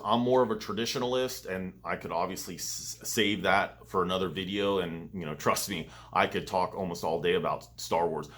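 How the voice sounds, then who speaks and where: A man's voice: on the low side, fairly bright tone. A man hosting his own vlog, chatting casually and rambling enthusiastically as he tells a story. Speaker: vlogger, channel host.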